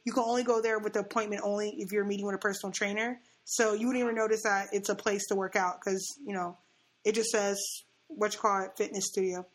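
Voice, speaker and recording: A young woman telling a story in casual chat, animated, laughing often and acting out the quotes. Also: medium pitch, fast talker.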